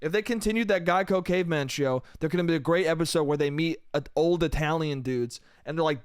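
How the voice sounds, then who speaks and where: Smooth-voiced guy ranting, swearing constantly. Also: fairly high pitch, expressive, fast, few pauses, dry recording, clean studio sound. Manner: profane, rambling, self-mocking, says dude and bro. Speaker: podcast host. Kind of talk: solo comedic podcast rant.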